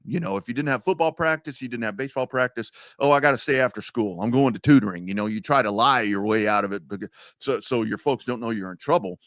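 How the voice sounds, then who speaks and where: Man, sports radio co-host, mid pitch, dry close sound, relaxed and chatty. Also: quick pace, dry recording. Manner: relaxed, chatty, with many restarts. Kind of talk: casual talk show banter.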